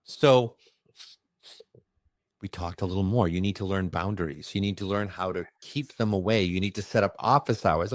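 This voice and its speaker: Man, medium telling his story, expressive and emphatic, fast bursts, dry close sound. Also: low-pitched, dry recording. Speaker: medium recounting his experiences. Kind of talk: animated storytelling in conversation.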